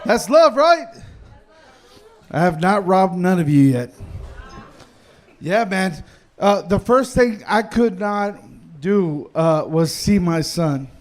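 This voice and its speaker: A man doing a loud, hyped stand-up set on a club stage, shouting out to the crowd. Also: sits high, big pitch swings, slow pace. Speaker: open-mic comedian.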